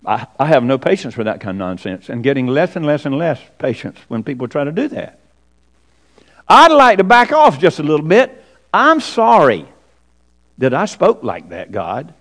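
Male preacher, sermon, high lively voice, rhetorical and emphatic. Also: fairly quick. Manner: animated, rhetorical questions, emphatic repetition.

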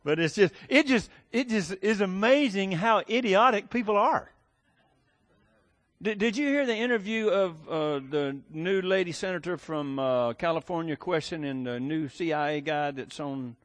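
A middle-aged pastor, preaching with a slightly high voice. He talks in a folksy, rambling way, often breaking off and starting his sentences again. The recording is dry and close. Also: moderate pace, fairly bright tone, dry recording. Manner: folksy, rambling, hesitant with many restarts. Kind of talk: sermon.

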